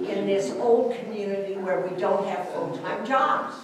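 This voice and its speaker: An older woman speaking at a council meeting's public comment, emphatic and animated, acting out what neighbors told her. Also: medium pitch, normal speed, over a noisy crowd. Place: council meeting room, heard from far off. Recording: echoey room, distant mic, faint hum.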